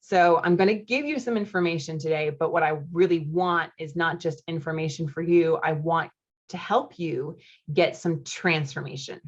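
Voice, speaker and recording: A woman's voice: deep voice, moderate pace, highs cut off. A woman in her thirties from the United States, a marriage coach hosting a live online masterclass in a chatty, upbeat way, reading out chat comments with friendly asides.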